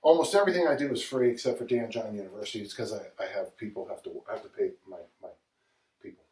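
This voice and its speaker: A man's voice: lowish voice, quick pace, a little mellow. A man who is a strength coach, chatting casually and rambling between sets of kettlebell swings during a livestream, chuckling often as he talks. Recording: roomy sound from a distant mic.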